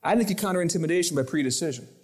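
A man preaching a sermon to his congregation, lively, acting out the voices in his quotes and stories. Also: a little high, very fast. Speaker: pastor. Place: church sanctuary.

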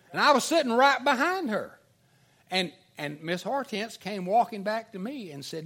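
An older man preaching, telling a folksy childhood story in an animated storytelling sermon style. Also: very high voice, a little slow.

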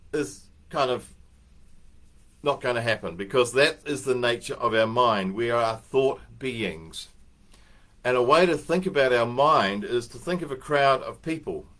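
An older man speaking in a mid-pitched voice, neither high nor low, as he gives a relaxed motivational talk to a group. He rambles through anecdotes and stops to muse aloud, with fillers scattered through his delivery. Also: a little slow. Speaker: speaker giving a morning talk.

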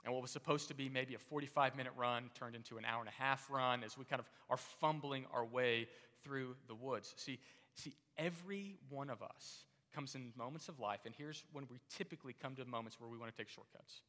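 A man's voice: medium pitch, fairly quick, bright, forceful tone. A man preaching a sermon as pastor, talking conversationally with frequent restarts. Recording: long hall reverb.

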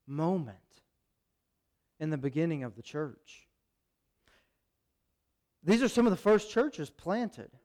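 A man preaching a sermon as pastor, urgent and animated, acting out little quotes. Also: on the high side.

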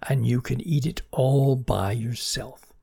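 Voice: medium pitch, takes it slowly, vocal fry, mellow, husky, exaggerated voice. A storyteller voicing a polite, hungry young male banana slug in a children's story. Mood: eager. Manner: polite, hesitant.

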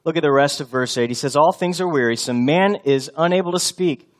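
A man preaching a sermon in a conversational, storytelling way, acting out quotes and often getting softer or louder as he makes a point. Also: a little high, a little fast. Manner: conversational preaching, acts out quotes with shifts of loudness; many fillers and restarts. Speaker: pastor.

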